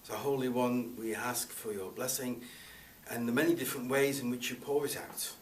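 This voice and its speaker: A pastor introduces the speakers and leads a calm, measured prayer in church. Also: male voice, mid-range voice. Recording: echoey church, from far off, faint noise.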